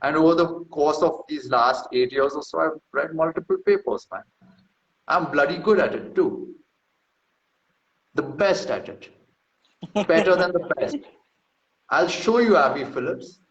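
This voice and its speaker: A man's voice: on the high side, unhurried, long pauses. A man in casual talk reading through a research paper, brash and mocking, with profane boastful asides. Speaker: host. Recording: echoey room, slightly dull sound.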